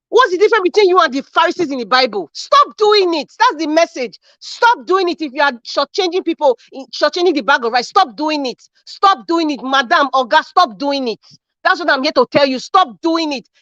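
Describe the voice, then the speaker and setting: Fervent high-voiced Nigerian woman. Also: fairly bright tone, no echo. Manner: fervent, repeats phrases for emphasis, preachy. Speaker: caller on a live stream show. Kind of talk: impassioned social commentary. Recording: dull lo-fi dry stream audio.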